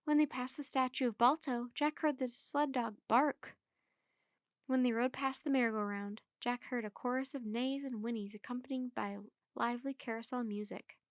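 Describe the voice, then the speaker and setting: A woman reading a children's chapter book aloud in a clear, measured storytelling manner. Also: fairly high pitch, steady tone, no room sound, studio quality.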